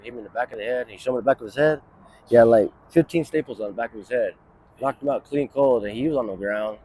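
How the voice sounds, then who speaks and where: A man's voice: mid-range voice, darkish tone, slight background noise. A man in his thirties telling a long story in a casual street interview, rambling, swearing often and leaning on "you know" and "like". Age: 30s. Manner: rambling, profane, many fillers like "you know". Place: outdoors on a city street near a bus stop.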